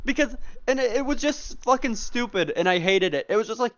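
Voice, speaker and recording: A man's voice: very high voice, expressive, a little fast, a bit bright. A young man co-hosting a casual chat, blunt and crude in his reactions. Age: young adult. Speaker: co-host. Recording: dull lo-fi audio.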